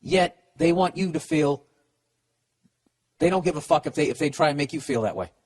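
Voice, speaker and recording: A man's voice: fairly high pitch, animated, moderate pace, a little mellow. A man hosting a podcast, giving blunt comedic advice in a profane rant full of stammered restarts. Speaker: podcast host.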